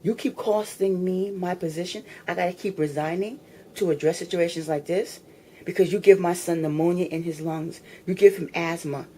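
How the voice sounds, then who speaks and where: Fairly low and dark-toned, her voice holds a fairly even intonation at a moderate pace, with a little hiss or hum in the recording. A fed-up tenant, she films an angry complaint in her apartment, ranting to her phone camera, swearing, repetitive and confrontational.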